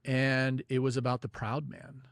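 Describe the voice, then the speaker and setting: A man's voice: mid-range voice, flat delivery, a little slow, gravelly, no echo, studio quality. A man guest on a podcast telling a personal faith story in a loose, conversational way, full of "you know" and "like". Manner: religious, speaks of God and prayer. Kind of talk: storytelling in a casual interview.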